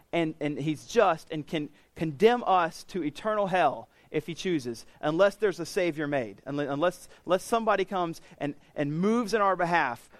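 A man's voice: a little high, dry recording. Conversational male preacher, dry sound. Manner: conversational, paraphrasing scripture in casual voices; frequent restarts and repeated words. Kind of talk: sermon, Bible teaching.

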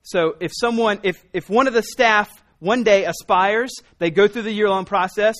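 Speaking at a normal speed, this thirty-something pastor has a high-pitched, fairly bright voice. His sermon drifts into a family story told in a loose, chatty way, with many restarts.

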